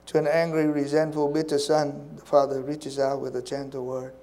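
Male preacher, sermon, earnest, hushed at times, mellow tone, flat delivery. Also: a little high, moderate pace, few pauses, rough recording. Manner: earnest, repeats phrases, drops to soft hushed tones.

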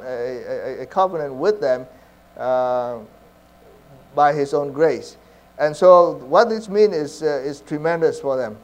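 A pastor preaches a sermon in an earnest, conversational manner, full of fillers and restarts. His voice is a little high and a little mellow.

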